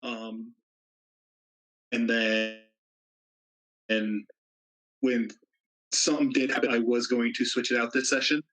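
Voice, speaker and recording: A man talking to his tabletop group in a halting, measured way. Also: medium pitch, level tone, a bit bright, poor audio. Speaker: tabletop game player. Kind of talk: casual chat between players.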